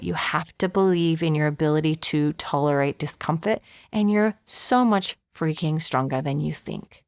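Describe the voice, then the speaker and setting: A woman's voice: sits low, clear, resonant tone, dry recording, clean studio sound. A woman hosting a solo podcast, talking earnestly and encouragingly to listeners as a therapist. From Australia. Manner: earnest, encouraging, repeats catchphrases.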